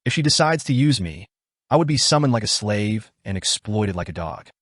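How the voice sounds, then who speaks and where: A man narrating a story recap in the first person, with a brisk, wry storytelling manner. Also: fairly low pitch, animated, no echo, clean studio sound.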